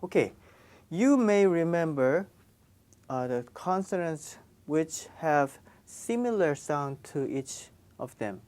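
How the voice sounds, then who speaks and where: A woman's voice: low voice, very animated, slow, darkish tone. A woman teaching pronunciation in a classroom lesson, patiently repeating each sound. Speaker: Korean language teacher.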